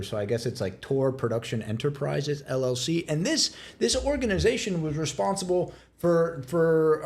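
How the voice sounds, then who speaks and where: Animated man co-host, slightly high voice. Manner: animated storyteller, emphatic. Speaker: podcast co-host. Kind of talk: casual market chat.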